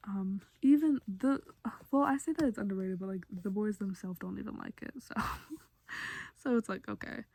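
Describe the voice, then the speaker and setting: A woman's voice: mid-range voice, normal speed, vocal fry, darkish tone, dry recording. A woman vlogger talking casually through a song breakdown, chatty and gushing like an eager fan, with many fillers. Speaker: music vlogger.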